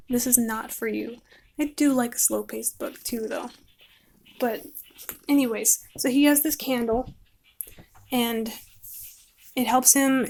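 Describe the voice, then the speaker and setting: A woman with a slightly high voice talks through a book she loves in a loose, rambling way. She is chatty and laughs easily as she goes, like someone painting while she talks. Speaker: book vlogger.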